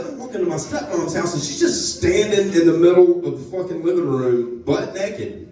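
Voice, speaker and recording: A comedian with a North Louisiana Southern accent does a live stand-up set on a comedy club stage, spinning crude, profane stories with plenty of asides. His voice is high-pitched and mellow at normal speed, heard far from the mic and off mic in an echoey club room.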